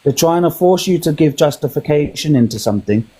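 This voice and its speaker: A British man calmly giving advice in a casual live-stream chat. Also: fairly high pitch, fairly quick, slightly rough, poor audio.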